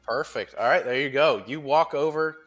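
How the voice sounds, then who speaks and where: A man narrating a tabletop game as game master, describing the action with lively, profane flair. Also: mid-range voice, normal speed.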